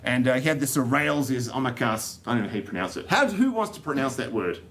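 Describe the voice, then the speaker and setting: A man's voice: medium pitch, sing-song, fast, a bit bright. Australian man, conference speaker, tech talk, loose and jokey, lots of fillers. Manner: joking, loose and rambling, with many fillers and restarts. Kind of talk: technical talk to an audience. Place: conference room.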